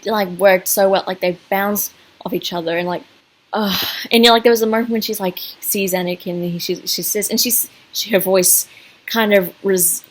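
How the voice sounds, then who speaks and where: A woman's voice: lowish voice, low-quality recording. A woman giving a casual video review as a fan, gushing and rambling with many fillers and restarts.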